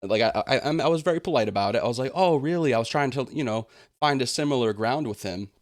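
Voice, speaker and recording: A man's voice: medium pitch, fast talker, no room sound, clean studio sound. A young man venting in a vlog monologue, aggrieved and indignant, slipping into sarcastic mocking quotes. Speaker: gaming channel host.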